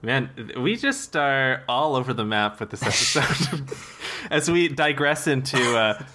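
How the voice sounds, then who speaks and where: A man co-hosting a podcast in casual chat, playful and quick to laugh, fond of correcting small details. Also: medium pitch, very animated, bright, forceful tone. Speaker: podcast co-host.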